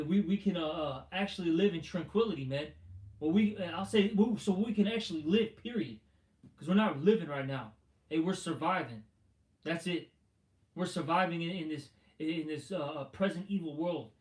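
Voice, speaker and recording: Profane, stammering high-voiced male preacher. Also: a little mellow, roomy sound. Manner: profane, blunt, repeats "man" and "all right"; stammering restarts. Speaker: street preacher. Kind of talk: informal sermon with scripture reading.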